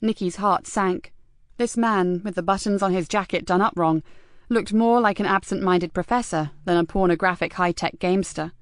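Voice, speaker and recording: Narradora de audiolibro policíaco, lectura serena, tono medio, micrófono cercano. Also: female voice, medium pitch, moderate pace, no echo, studio quality. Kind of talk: scripted narration.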